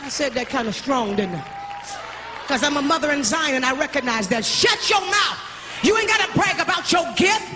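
Her high-pitched, animated voice moves at normal speed over crowd noise as she preaches fiercely in a church sanctuary. She repeats her points and calls out the congregation, captured live amid the church crowd's sounds.

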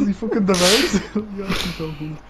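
A woman's voice: medium pitch, fast talker. A woman in casual chat with friends, laughing a lot and swearing constantly. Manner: giggly, crude, swears constantly. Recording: loud background noise with clicks.

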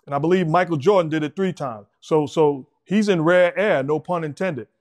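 A middle-aged man hosting a sports talk show, giving measured, emphatic basketball analysis. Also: fairly high pitch, a little mellow. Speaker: host.

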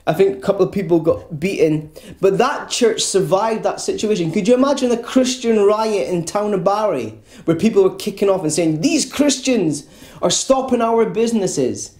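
Preacher, earnest sermon delivery, mellow tone, recorded in a roomy church. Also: medium pitch, brisk. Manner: earnest, repeats words when stressing a point. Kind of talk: evangelical sermon.

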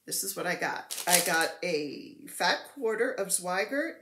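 A chatty woman with a pitch that swings up and down as she gushes, playful and easily thrilled. She talks at an unhurried pace. Her voice rings a little in an echoey room at home, with faint background noise. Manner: excitable, gushing, playful. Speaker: cross-stitch vlogger. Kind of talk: casual show-and-tell chat. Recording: roomy echo.

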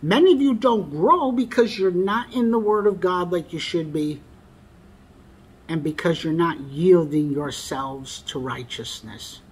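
A man delivers a sermon in a husky, breathy voice. He reads scripture aloud and presses his points emphatically, repeating the lines that matter most. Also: fairly high pitch, animated, unhurried. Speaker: preacher.

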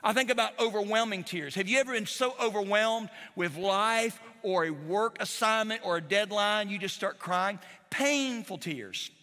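A middle-aged man preaching a sermon as pastor, telling stories in an animated, emotional way with frequent repetitions. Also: high-pitched, normal speed, hardly any pauses. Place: large church hall. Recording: reverberant church hall.

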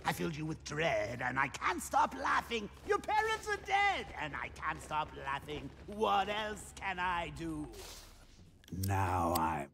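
A man's voice: fairly high pitch, huge pitch swings, slow, creaky, sharp tone, big-room sound, a little hiss or hum, exaggerated voice. An actor playing a gleeful, murderous male clown villain in a video game, singing a taunting song and cackling between lines. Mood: taunting, manic.

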